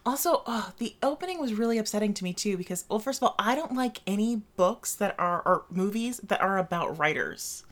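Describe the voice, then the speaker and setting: A woman's voice: mid-range voice, animated, fairly quick, few pauses. A woman co-hosting a casual chat about a film adaptation, blunt and opinionated with dry sarcastic asides. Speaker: podcast co-host.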